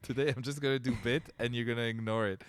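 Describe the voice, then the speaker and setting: A man with a smooth, resonant voice trades playful jokes on a podcast, delivering them with an ironic, deadpan edge. He sounds close and dry on the microphone, with no room around him. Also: medium pitch, fast, no echo. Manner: deadpan, jokey, ironic asides. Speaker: podcast co-host, comedian. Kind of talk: casual comedic banter.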